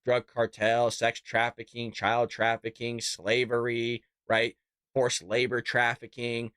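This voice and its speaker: A man's voice: medium pitch, monotone, slow, a bit bright, smooth, no room sound, clean studio sound. Mocking man hosting a commentary show. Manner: mocking, sarcastic, calls audience "folks". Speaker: political commentary show host. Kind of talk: casual political commentary.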